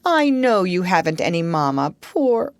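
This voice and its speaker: A woman voicing a plump, flustered middle-aged woman who is helpless and excitable, swinging between coaxing and scolding in a shrill voice. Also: unhurried, dry recording.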